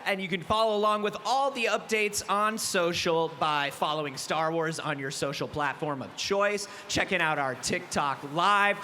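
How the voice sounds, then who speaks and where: High bright-voiced male event host. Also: moderate pace, few pauses, a little hiss or hum. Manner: playful, jokey. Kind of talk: upbeat live event hosting. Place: convention stage.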